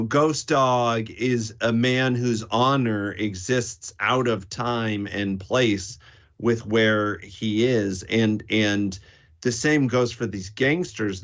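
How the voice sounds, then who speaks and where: Emphatic, slow-talking man on a podcast. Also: lowish voice, a bit bright, lo-fi sound. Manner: emphatic, repeats words, swears casually. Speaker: podcast co-host. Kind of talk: casual film discussion.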